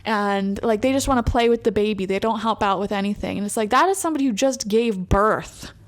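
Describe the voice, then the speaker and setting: A woman's voice: medium pitch, fairly quick. A young woman giving a pick-a-card tarot reading to viewers, chatty and emphatic, getting worked up as she talks. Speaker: tarot reader.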